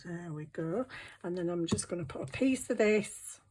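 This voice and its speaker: A woman's voice: on the low side, expressive, normal speed, a little mellow. A middle-aged woman, chatting to herself while crafting in a casual vlog, flustered and apologetic. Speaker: craft channel host.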